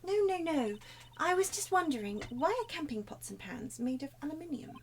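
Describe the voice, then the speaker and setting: Playful curious young girl, high bright voice, read by a woman streamer. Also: animated, brisk, slight background noise. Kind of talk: reading game dialogue aloud.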